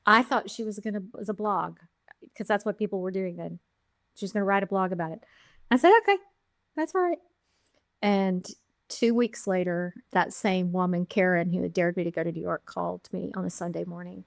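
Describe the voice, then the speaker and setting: A middle-aged woman, a podcast guest, telling her founding story with lively quoted voices. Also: on the low side, a little fast, vocal fry, dry recording, clean studio sound. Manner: animated storyteller, acting out quotes. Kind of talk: storytelling interview.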